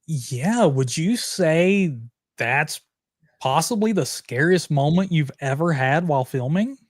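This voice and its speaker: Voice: medium pitch, lively intonation, takes it slowly, no echo. A host interviewing a guest, asking eager and curious questions. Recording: dry close sound.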